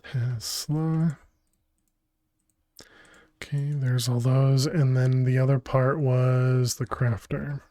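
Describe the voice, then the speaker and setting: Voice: mid-range voice, level tone, slow pace, pauses often, warm tone, no room sound. A game streamer talking through a build during a live stream, muttering and restarting sentences as they think aloud, from a home room on a desk microphone. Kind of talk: casual live-stream gameplay commentary.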